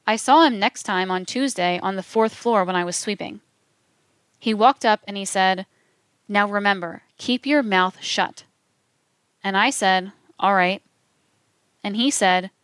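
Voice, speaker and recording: A woman narrating from a script, reading historical testimony in a measured way and speaking the quotation marks aloud. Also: mid-range voice, fairly bright tone, clear, resonant tone, no room sound.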